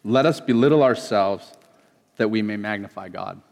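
A man's voice: lowish voice, moderate pace, vocal fry, darkish tone, long reverb tail. A man from California preaching a sermon, telling stories and acting out the voices of people he quotes. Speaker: pastor.

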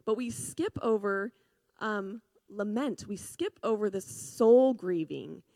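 A woman preaches in a chatty, earnest voice, stumbling over words and restarting. She drops to hushed tones, then rises with bright emphasis. Her mid-range voice is recorded dry and close. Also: medium pitch, slow, no echo. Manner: swings between hushed grief and lively emphasis. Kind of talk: sermon.

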